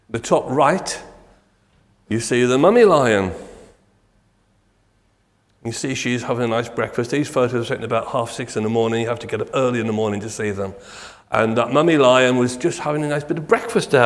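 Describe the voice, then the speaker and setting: An older man preaching, telling stories in a jovial, animated way. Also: medium pitch. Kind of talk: sermon with storytelling. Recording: echoey hall.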